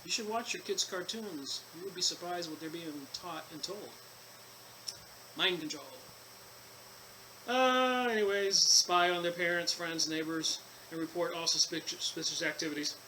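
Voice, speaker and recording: A man's voice: high voice, moderate pace, pushed and bright, a little hiss or hum, rough recording. A man reading from a book and breaking off into long rambling asides, with many fillers and restarts. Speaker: channel host reading and commenting on a book. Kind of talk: casual book commentary mixing reading aloud and rambling asides.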